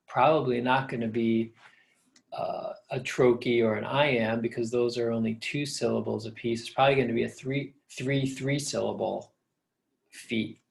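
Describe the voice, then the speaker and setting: A man's voice: mid-range voice, vocal fry. A middle-aged man, a professor, patiently explaining step by step in a recorded lecture.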